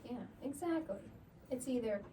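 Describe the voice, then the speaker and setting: Her voice is fairly high and animated, moving at a normal speed over a loud crowd. She's a young podcast co-host, giggly and playful, who reads from an article and then chats casually. Faint background noise comes through a slightly distant mic.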